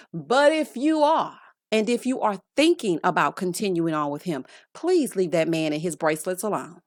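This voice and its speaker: A woman in her late thirties giving a sassy, animated recap of a reality TV episode, full of scolding asides and endearments. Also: on the high side, dry recording, clean studio sound. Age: late 30s. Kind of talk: casual recap commentary.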